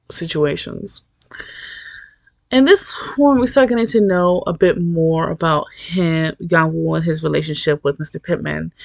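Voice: mid-range voice, vocal fry, dry recording. A person casually recapping a novel in a rambling, profane, candid way with lots of fillers. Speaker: book reviewer. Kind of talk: casual book recap vlog.

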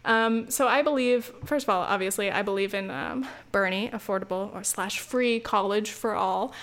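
A woman's voice: medium pitch, normal speed, fairly bright tone. A young American woman, a student, ranting casually to her listeners, chatty and full of fillers, restarts and swearing. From United States. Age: young adult. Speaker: student vlogger. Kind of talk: casual rant to camera.

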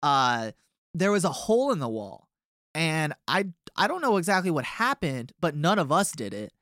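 Young man, band member, casual storytelling, rambling, smooth voice, dry close recording. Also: a little high, sing-song, normal speed, a bit bright, no echo. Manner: rambling, many fillers and restarts. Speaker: touring band member, guest.

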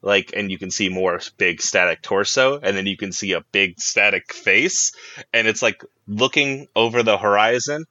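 A man's voice: lowish voice, moderate pace, bright, forceful tone, no room sound, dull audio. Giggly man narrating a tabletop game. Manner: laughs often, hesitant with many "uh" and "like". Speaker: game master.

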